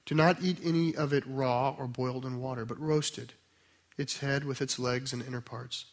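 A man preaching a sermon, explaining scripture in a conversational way, then reading a passage aloud slowly and softly. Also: medium pitch, steady tone. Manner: conversational teaching with restarts, slow and soft when reading scripture.

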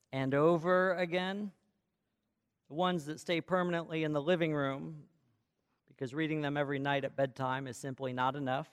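A man's voice: fairly high pitch, smooth. A middle-aged man preaching a sermon as pastor, reading scripture and telling stories with rhythm. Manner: storytelling, reads aloud with rhythm. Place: church. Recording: long reverb of a large hall.

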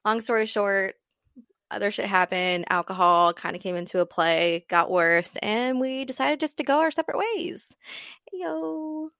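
A woman's voice: mid-range voice, normal speed, a bit bright, clean tone, no echo, clean studio sound. A young woman co-hosting a podcast, telling a personal story candidly, with plenty of swearing. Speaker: podcast co-host. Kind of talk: casual chat.

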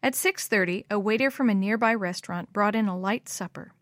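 A woman narrating a storybook aloud in a clear, measured way. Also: mid-range voice, dry recording, studio quality. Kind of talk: storybook reading.

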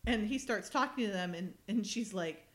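A woman's voice: mid-range voice, normal speed. A woman co-hosting a podcast, chatting casually and laughing as she acts out lines from a TV episode. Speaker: podcast co-host. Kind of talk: casual chat recapping a TV episode.

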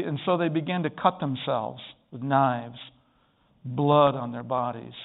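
A man preaching a sermon, retelling a story and rising into emphatic, pleading bursts. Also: fairly high pitch. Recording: tinny phone-like sound.

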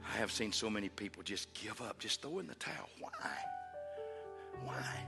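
A man's voice: lowish voice, lively intonation, normal speed, creaky, pauses often. Man preaching over music in a reverberant hall. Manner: rhythmic, repetitive preaching cadence with call-outs. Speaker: pastor. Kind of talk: sermon. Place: church sanctuary. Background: instrument playing under the sermon.

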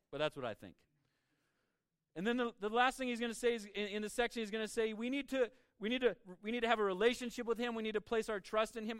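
A man preaching a sermon in a conversational way, dropping to soft, hushed lines and rising when he reads scripture aloud. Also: sits high, smooth, dry recording. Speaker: pastor.

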